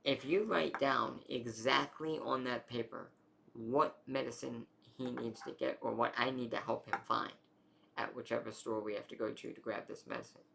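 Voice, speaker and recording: A young adult man casually telling a long personal health story, rambling and animated, with many fillers. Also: medium pitch, moderate pace, vocal fry, a little hiss or hum.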